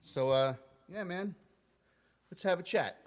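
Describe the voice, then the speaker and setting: A man's voice: sits high, slow pace, big-room sound. A man livestreaming as a busker, singing and chatting loosely with his viewers, joking and swearing casually. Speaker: busker hosting a live stream. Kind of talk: live-streamed singing and chat with viewers. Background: his own acoustic guitar.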